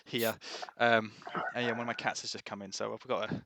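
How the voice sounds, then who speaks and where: A man acting as game master for a tabletop game, chatting in a relaxed, rambling way. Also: lowish voice, fast, creaky, background noise. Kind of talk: casual game narration. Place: home room with pets.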